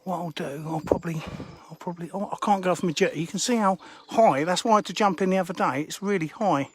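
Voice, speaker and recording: A chatty man with a fairly high voice addresses his live-stream viewers in a rough-edged, offhand way, swearing now and then. He is outdoors by a lake, speaking into a handheld phone, and a faint noise sits behind him. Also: quick pace. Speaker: fishery owner streaming live. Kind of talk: casual live-stream chat. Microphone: phone held in hand.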